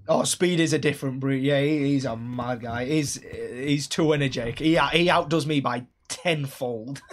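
A man's voice: medium pitch, background noise. A young man streaming a game, chatting casually, repeating himself and laughing at his own jokes. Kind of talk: casual live-stream chat while gaming.

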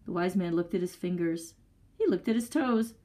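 A woman leading a library story time, reading a picture book aloud to children with expressive storytelling and chatty asides. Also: lowish voice, normal speed, poor audio.

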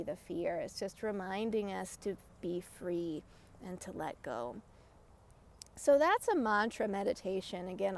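An American woman leads a meditation lesson in a calm, explanatory way, often pausing on "right?". Her voice carries a gravelly, creaky edge at a middle pitch. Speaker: meditation instructor. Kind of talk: teaching a meditation session.

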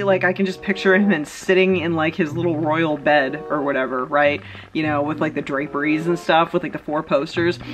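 A woman's voice: low-pitched, rough recording. A woman vlogger giving casual, rambling commentary full of chatty asides and fillers.

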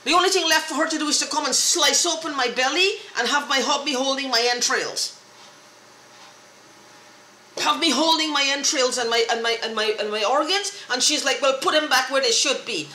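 A woman's voice: sits high, normal speed, bright, forceful tone, echoey room. A woman in an angry, profane, repetitive rant, talking straight to the camera. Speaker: vlogger. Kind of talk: agitated monologue to camera.

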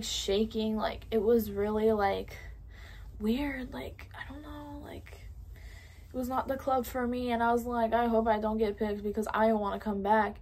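A late-teen woman from California tells a casual storytime vlog, swearing freely, using lots of fillers, and dropping whispered asides. Her voice is a little high with a somewhat dark tone.

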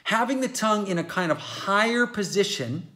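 A man's voice: high-pitched, expressive, normal speed, pushed and bright. A man giving a singing lesson, explaining technique step by step and checking in with the viewer often. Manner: demonstrates by singing show tunes. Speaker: voice teacher.

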